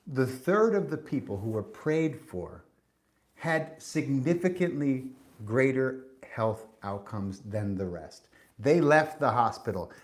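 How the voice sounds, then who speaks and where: A man's voice: medium pitch, a little mellow. Man, podcast host, spiritual monologue, emphatic, profane, preachy.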